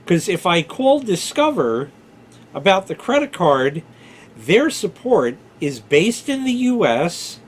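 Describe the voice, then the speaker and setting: A man's voice: sits high, sing-song, slow, husky. A man casually telling a rambling personal story, informal, with filler words and the odd swear. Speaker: vlogger.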